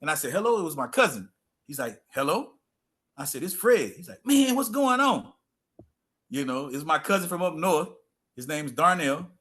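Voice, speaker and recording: A man's voice: on the high side, lively intonation, a little fast, fairly bright tone. A middle-aged man, a former football player telling stories as a guest in a casual interview and repeating phrases for emphasis.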